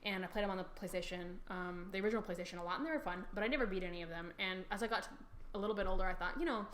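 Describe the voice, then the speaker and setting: A woman in her twenties, co-hosting a podcast in casual chat, telling stories in an animated, self-mocking way. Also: mid-range voice, racing, a little hiss or hum. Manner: animated storytelling, self-mocking, laughs often. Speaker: podcast co-host. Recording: echoey room.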